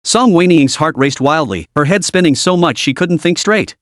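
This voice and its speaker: Reading at a normal speed, a man narrates a recap of a comic story in an even, steady way. His voice sits a little high, and the sound is close and dry.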